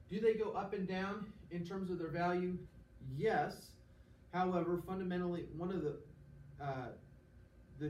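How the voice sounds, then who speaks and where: A man lecturing a class, his voice sitting a touch higher than most men's. He explains patiently, stops often to check that students follow, and acts out quick examples. He is recorded from across an echoey classroom, with a faint hiss underneath. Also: darkish tone, far from the mic. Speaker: teacher.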